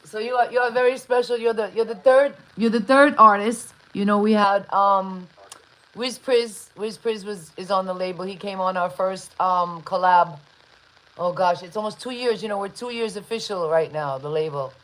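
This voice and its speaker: A woman's voice: medium pitch, steady tone, normal speed, low-quality recording. Chatty woman hosting a live interview. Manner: chatty, enthusiastic, many shout-outs. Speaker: interview host.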